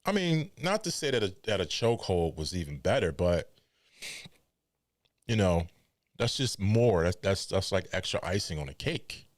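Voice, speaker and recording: A man with a somewhat low voice talks through wrestling news on his podcast. He is close to a dry mic with no room sound. His delivery is casual and animated, often incredulous. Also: moderate pace, no echo. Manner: animated, incredulous, mock quoting.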